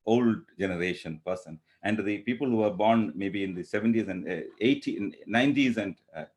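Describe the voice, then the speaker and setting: Fifties guy from kerala lecturing, low voice, lots of uh and restarts. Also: fairly quick, darkish tone. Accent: Kerala Indian English. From India. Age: 50s. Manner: hesitant, repeats words and fills with "uh". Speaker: English professor. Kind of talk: university lecture.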